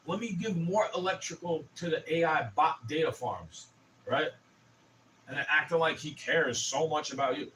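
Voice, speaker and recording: A man's voice: fairly high pitch, moderate pace, sharp tone, slight background noise. Ranting young man, distant mic. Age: 20s. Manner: profane, heated ranting. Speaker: streamer. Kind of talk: casual livestream rant.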